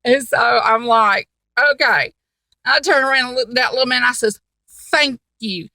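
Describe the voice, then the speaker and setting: A woman telling a personal story in a casual vlog, animated and blunt, with plenty of cussing. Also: on the high side, fairly quick, gravelly, dry recording.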